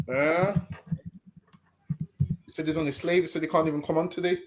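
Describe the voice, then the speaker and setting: A man's voice: on the high side, fairly even intonation, moderate pace, slight background noise. A man hosting a live stream show, chatting casually and often stammering and repeating words. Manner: stammering repetitions, easygoing.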